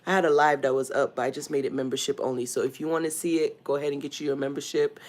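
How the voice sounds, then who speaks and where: Her voice rumbles low with a darkish tone and fairly even intonation, and she races through her words. She's a young Nigerian woman with a Nigerian accent, hosting a casual home livestream and greeting viewers by name.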